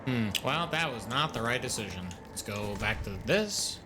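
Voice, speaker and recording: A man's voice: mid-range voice, expressive, normal speed, over loud music. A young man chatting casually while streaming a game live, reacting aloud to what happens and to his chat.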